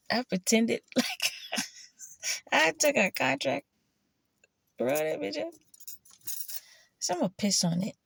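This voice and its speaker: Woman vlogger, fry-heavy voice, profane storyteller, dry sound. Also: a little slow, pauses often, no echo. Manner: profane, animated, quoting herself in a higher voice. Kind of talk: casual storytelling monologue.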